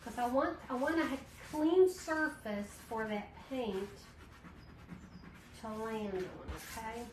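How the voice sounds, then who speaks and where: A woman's voice: a little high, slow pace. A middle-aged woman, chatting casually with viewers and reading their comments as she does a craft project on a livestream. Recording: echoey room with clear background noise.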